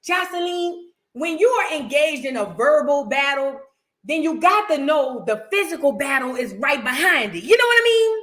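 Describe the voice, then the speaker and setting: A woman hosting a reaction show, giving blunt, profane, animated commentary in a casual way. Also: high voice, moderate pace.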